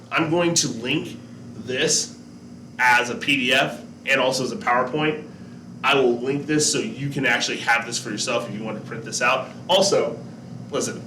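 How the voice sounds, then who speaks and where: A man teacher giving a relaxed classroom lesson, talking to his students, asking them questions and joking along the way. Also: mid-range voice, a little hiss or hum. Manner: chatty, asks students questions, jokes. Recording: echoey room, distant mic, faint background.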